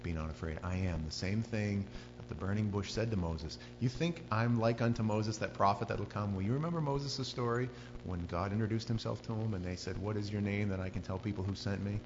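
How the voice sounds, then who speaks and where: A man preaching a sermon, telling the story with lively acted-out voices and screams. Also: lowish voice, brisk. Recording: dull lo-fi sound with long hall reverb and faint hum.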